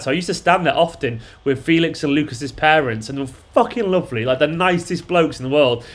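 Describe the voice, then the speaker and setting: During a live watchalong, a man from Manchester, England, who runs a fan channel chats loosely and answers what viewers send in. He has a somewhat high, slightly bright voice.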